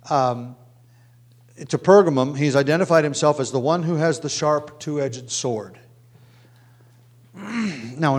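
A man teaching verse by verse through a Bible passage, halting often with ums and restarts, his voice sinking low at the ends of phrases.

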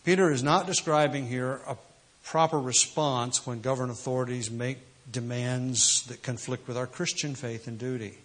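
A man's voice: mid-range voice, fairly even intonation, normal speed, a bit bright. A man preaching a sermon, emphatic and full of rhetorical questions. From United States. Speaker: pastor.

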